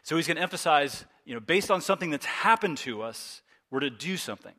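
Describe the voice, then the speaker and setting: Bright-voiced man preaching a sermon. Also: a little high, lively intonation, quick pace. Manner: earnest, emphatic preaching with repetition. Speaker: pastor.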